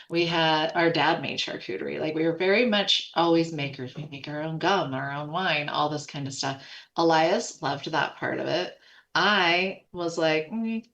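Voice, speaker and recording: Low-voiced woman telling a lively story. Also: dull audio. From United States. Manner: animated, quotes others in quick asides, laughs often. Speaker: podcast guest, food company co-founder. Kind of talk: casual storytelling.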